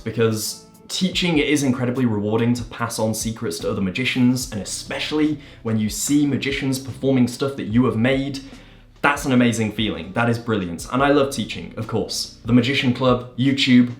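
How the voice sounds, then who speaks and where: An enthusiastic magician and video host answers viewer questions on his own magic channel with emphatic energy. His voice is at an ordinary middle pitch, and the recording has a noticeably roomy echo.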